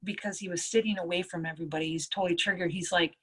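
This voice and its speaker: Animated woman nurse telling stories. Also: fairly low pitch, racing, husky. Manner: lively storyteller, acts out others' lines. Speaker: nurse and EFT tapping practitioner. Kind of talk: casual storytelling interview.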